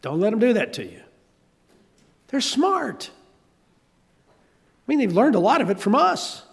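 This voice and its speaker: A man's voice: very high-pitched, measured pace, vocal fry, long reverb tail. An older man with a Southern US accent preaching a sermon, telling stories and acting out voices. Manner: animated storytelling, acting out voices. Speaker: pastor.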